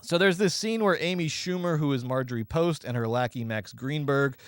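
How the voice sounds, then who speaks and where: A man co-hosting a movie podcast, riffing sarcastically and quickly through a review. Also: on the high side, clear, resonant tone, no echo, clean studio sound. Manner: sarcastic, animated, rapid riffing. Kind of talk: casual movie review chat.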